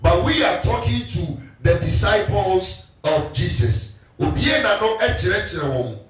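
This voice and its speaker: A man's voice: high-pitched, animated, unhurried, a bit bright. Male pastor, call-and-response sermon teacher; echoey distant church sound with faint music. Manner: teaching call-and-response, repeating reader's lines.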